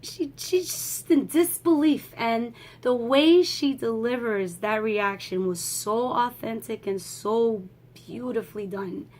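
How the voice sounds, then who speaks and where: Woman reviewing a movie on her vlog, kinda high voice, slow and emotional, cusses a lot. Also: a little mellow. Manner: emotional, swears freely, laughs through the talk.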